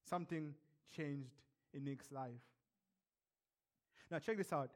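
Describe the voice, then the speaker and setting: A man preaching a sermon, emphatic and repetitive, asking the congregation rhetorical questions and dropping to a hush for effect. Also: a little high, slow pace.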